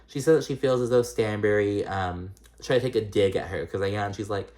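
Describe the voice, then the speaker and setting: Man, casual recap vlog, chatty, blunt, filler-heavy, sudden pitch jumps. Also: brisk, hardly any pauses, a little mellow. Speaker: reality TV recap host.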